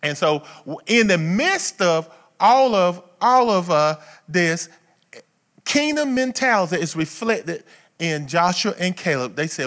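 A male pastor preaches in an easy, down-home manner, tossing rhetorical questions to his congregation. His voice sits a little high for a man, dropping to quiet asides and then rising into loud, emphatic bursts. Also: animated, unhurried. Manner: folksy, colloquial phrasing. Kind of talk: sermon.

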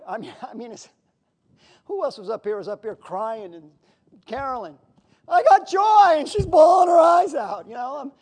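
A man with a very high voice preaches a sermon in a conversational, emotional style, breaking into sudden loud outbursts.

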